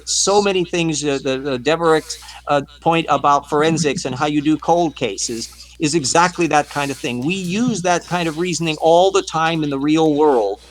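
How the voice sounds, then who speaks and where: A man on a live stream discussion, explaining in a measured, professorial way. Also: on the high side, rough recording. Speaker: panelist.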